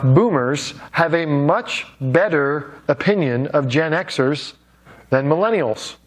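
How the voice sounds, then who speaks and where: A man giving a classroom lecture, with joking asides to the students and many fillers and restarts. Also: fairly high pitch.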